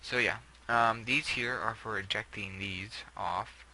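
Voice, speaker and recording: A man's voice: lowish voice, fairly even intonation, measured pace, pushed and bright, slight background noise, low-quality recording. A young man casually talking through a game build, rambling with many fillers and self-corrections. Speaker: gameplay video creator.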